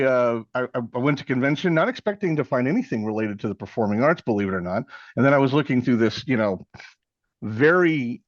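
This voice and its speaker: A Texan man in his forties, relaxed and rambling as he recounts his past, slipping into quick impressions of the people in his stories. His voice sits at a middle pitch. The recording is slightly muffled and very dry, with no room sound. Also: dry recording. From Texas. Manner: rambling, self-mocking, acts out quoted voices. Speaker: podcast guest. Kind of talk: casual interview storytelling.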